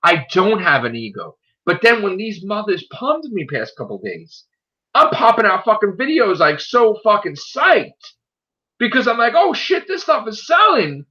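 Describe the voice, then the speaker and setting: High pitched guy ranting and swearing on his show, sharp bright voice, kinda muffled lo-fi audio. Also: moderate pace. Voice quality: loud, profane, animated. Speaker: host of an online show. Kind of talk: casual ranting chat. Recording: dull lo-fi sound.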